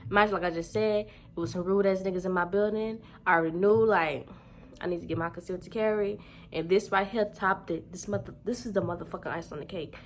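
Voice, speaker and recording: A woman's voice: mid-range voice, fairly even intonation, fast. A woman vlogger telling a story to her viewers in a casual, heated way, with a lot of swearing.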